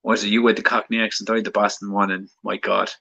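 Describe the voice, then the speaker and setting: A man's voice: on the low side, level tone, fast, gravelly, bright, forceful tone, highs cut off. A man co-hosting a livestream over a video call, swearing heavily and tripping over restarts. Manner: heavy swearing, stumbling restarts. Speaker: podcast co-host. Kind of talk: casual livestream banter.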